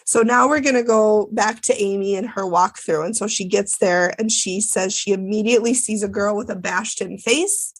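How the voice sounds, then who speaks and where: A woman co-hosting a podcast recaps a TV episode in a medium-pitched voice at normal speed with few pauses. Her talk is casual and chatty, full of fillers and swearing.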